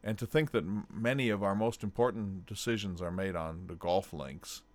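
A man's voice: low-pitched, normal speed, darkish tone, no room sound. A man from North Dakota with a plain Midwestern accent, hosting a radio talk show and speaking with a slight hesitant catch in his voice. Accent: General American Midwestern.

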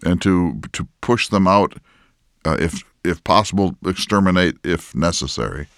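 An elderly early American statesman, scholarly and curious, as a man portrays him. He speaks low and measured, weighing his words with small restarts. The sound is close and dry. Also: expressive, no echo. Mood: inquisitive. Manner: measured, inquisitive, many restarts. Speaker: historical interpreter. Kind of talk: in-character public dialogue. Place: barn.

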